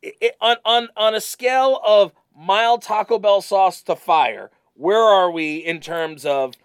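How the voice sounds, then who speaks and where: A man co-hosting a podcast in casual chat, excitable and rambling, often repeating himself. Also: high voice, measured pace, clean tone, no echo. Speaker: podcast co-host.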